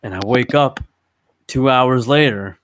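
A man spins a rambling comedic tale in a gruff voice full of broken grammar and slang. His pitch sits in an ordinary middle range, and the recording is dry and close with no room sound. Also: measured pace, no room sound. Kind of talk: comedic storytelling.

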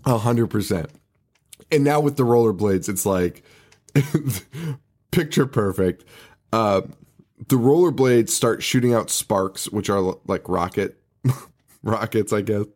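A man's voice: on the low side, takes it slowly, pauses often, darkish tone. A man co-hosting a podcast, recapping a movie in casual chat, laughing often, swearing and restarting his sentences. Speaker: podcast co-host.

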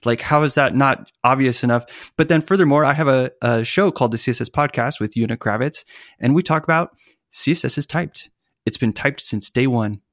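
A man talking as a guest in a conversational interview, animated and acting out what other people say. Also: mid-range voice, dry recording, studio quality. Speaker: podcast guest, web developer.

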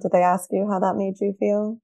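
A woman's voice: mid-range voice, level tone, a little fast, dark tone. A woman in her thirties, a therapist and podcast guest, speaking earnestly and emphatically and repeating her key points. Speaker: guest, behavioral health therapist. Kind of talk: conversational podcast interview.

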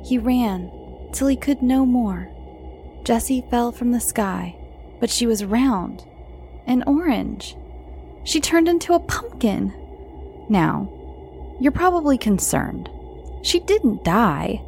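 A woman reads children's spooky stories aloud at an unhurried pace. Her fairly high voice rises and falls with the tale as she narrates. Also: vocal fry, soft background music. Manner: slow, expressive storytelling.

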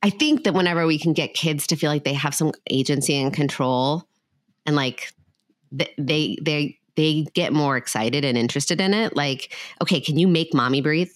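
A woman hosting a podcast chats casually about parenting. She has a low voice, and the recording is close and dry, with no room sound. She talks in a loose, chatty way, full of "like". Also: normal speed, no room sound. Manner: chatty, peppered with "like". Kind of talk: casual chat.

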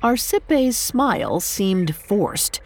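Lady reading a spooky myth, slow and gravelly, lowish voice. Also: very animated. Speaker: storyteller. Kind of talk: scripted narration.

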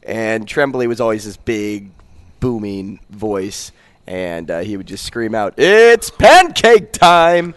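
An upbeat man opens and leads a morning radio show, chatty and quick to laugh as he tells stories. He sits close to a dry studio microphone with no room sound. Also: lowish voice, steady tone, no echo. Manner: upbeat, storytelling, easy laughter. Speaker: radio host. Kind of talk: casual morning radio banter.

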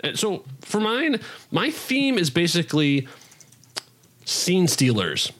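A man co-hosting a casual comedy podcast, talking about movies in an expressive way and reacting quickly. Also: high voice. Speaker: podcast co-host. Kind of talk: casual chat.

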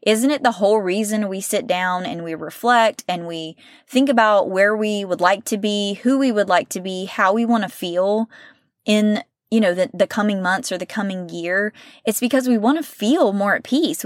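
Woman, podcast host, earnest faith talk, conversational, medium pitch, dry close-mic sound. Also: no room sound. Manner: earnest, conversational, with frequent "right?" and "you know"; gets emotional, softening and slowing.

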